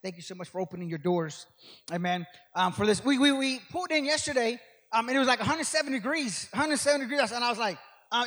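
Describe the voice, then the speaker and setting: An older man preaching as a guest speaker, telling rambling stories that build to shouted preaching. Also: extremely high pitch, brisk, husky. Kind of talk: sermon. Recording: long hall reverb.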